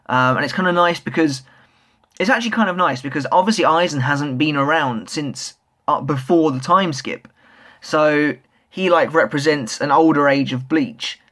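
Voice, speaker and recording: A man's voice: a little high, normal speed, a bit bright. Chatty young man reviewing manga. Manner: chatty, rambling with fillers and restarts; enthusiastic fan. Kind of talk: casual video review.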